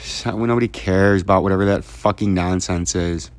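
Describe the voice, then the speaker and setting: A man's voice: low-pitched, steady tone, moderate pace. A man hosting a casual crypto vlog, rambling and ranting with heavy profanity.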